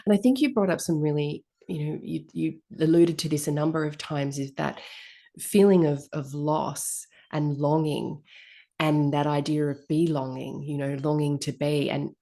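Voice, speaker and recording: Host: woman, very low voice, gentle reflective delivery. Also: steady tone, normal speed, creaky. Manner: gentle and reflective, with many soft affirmations. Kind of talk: reflective conversation.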